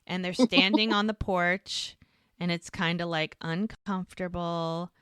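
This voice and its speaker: A woman's voice: fairly low pitch, steady tone, slow pace, a bit bright, smooth, dry recording, clean studio sound. A woman co-hosting a podcast, casually recapping scenes and acting out the characters' lines. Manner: retells scenes acting out both sides in quotes. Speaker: podcast co-host.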